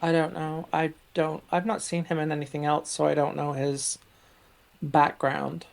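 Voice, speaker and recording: A podcast co-host from the UK chats about a movie in a measured, slightly hesitant manner. The voice sits at a middle pitch with a gravelly edge. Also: monotone. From United Kingdom. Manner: measured, thoughtful, hesitant with fillers. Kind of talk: casual movie review chat.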